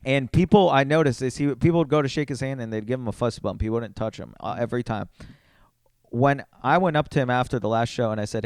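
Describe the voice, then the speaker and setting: A man in casual podcast chat tells an animated story, peppering it with "like". His voice is smooth and resonant, at a middle pitch, recorded dry and close. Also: fast talker, no echo. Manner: animated storyteller, heavy use of "like". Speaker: comedian.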